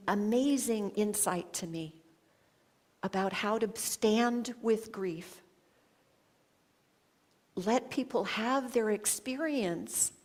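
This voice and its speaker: A woman speaks to a congregation, telling a personal story. Her voice sits at an ordinary middle pitch, and she talks slowly, pausing between phrases as she reflects. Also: darkish tone. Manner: slow, reflective storytelling with long pauses. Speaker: guest speaker. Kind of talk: spoken sermon with personal story. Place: church sanctuary.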